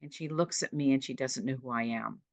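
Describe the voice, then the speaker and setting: A woman's voice: extremely low pitch, fairly quick, vocal fry, darkish tone, no echo. A woman in her sixties, a podcast guest, retelling her own caregiving story in vivid, dramatic short sentences. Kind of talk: personal storytelling.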